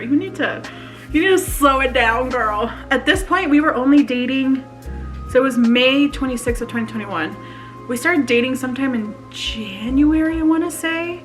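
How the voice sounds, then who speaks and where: A woman in her twenties chatting in a confessional vlog, emotional and laughing nervously as she reads her old journal aloud. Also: a little high. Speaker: vlogger.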